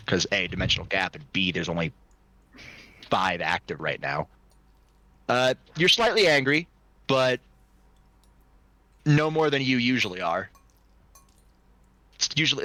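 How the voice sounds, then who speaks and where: A man narrating as game master in a tabletop role-play game, casual and crude in his jokes. His voice is bright and forward. The sound is dry and close, with little room around it. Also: mid-range voice, dry recording.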